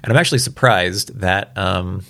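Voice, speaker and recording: A man's voice: low-pitched, moderate pace, bright, forceful tone. A man casually talking about books to camera, rambling and chatty with amused asides. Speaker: book vlogger. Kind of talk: casual book talk.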